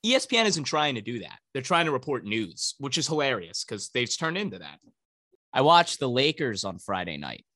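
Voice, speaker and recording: A man's voice: mid-range voice, sing-song, moderate pace, bright, forceful tone, dry recording. A male podcast co-host ranting about sports in casual, profane talk.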